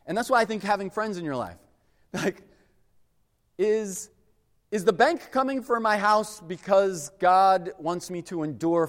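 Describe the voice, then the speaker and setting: A man delivers a sermon in a high, lively voice that leaps up and then falls to a near hush for emphasis. His words ring out with a long reverb, as if from a large hall. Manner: animated, emphatic preaching with sudden drops to quiet. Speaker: pastor.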